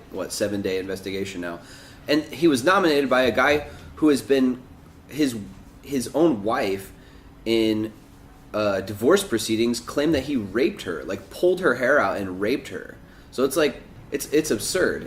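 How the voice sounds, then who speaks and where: A man co-hosting a casual political podcast, talking with many restarts and fillers. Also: on the low side. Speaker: podcast co-host. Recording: echoey room with faint noise.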